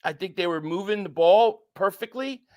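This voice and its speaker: A man running a live stream of a football game reads viewer chats aloud and calls each play as it happens. His voice sits high and moves at a normal speed; he's excitable, repeats himself when heated, and veers from shouting over calls to flat irritation.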